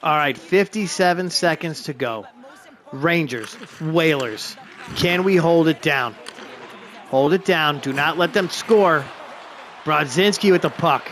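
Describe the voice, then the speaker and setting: A man giving excited play-by-play of a hockey video game he is playing, openly rooting for his team. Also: on the high side, slow, a faint crowd, slight background noise.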